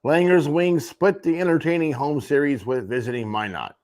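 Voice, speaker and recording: A male morning sports show host works through the junior hockey standings, sprinkling in wry, offhand asides. His pitch is fairly high and a little mellow, and he talks at normal speed in this sports radio rundown.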